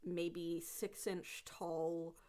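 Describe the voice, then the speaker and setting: Giggly woman narrating a slow tabletop game. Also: fairly low pitch, level tone, warm tone. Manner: giggly, laughs through her narration. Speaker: game master.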